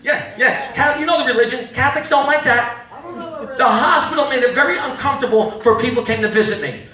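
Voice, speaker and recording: A man's voice: very high-pitched, fast, reverberant, recorded from a distance, a crowd in the background. A man doing live stand-up comedy, acting out characters, with audience laughter. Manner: rowdy, acts out voices, audience laughs throughout.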